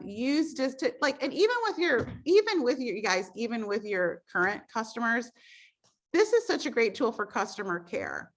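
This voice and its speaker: A woman speaking as guest on a live stream, giving sales and personality coaching in an animated way, acting out what customers say. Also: on the high side. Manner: animated, acts out customer voices.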